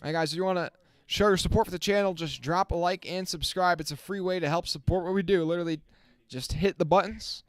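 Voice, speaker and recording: A man giving casual live-stream race commentary as the channel host, chatting with his viewers and getting excited on the restarts. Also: high-pitched, quick pace, few pauses, no echo. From not from the South. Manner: self-correcting, talks to the chat.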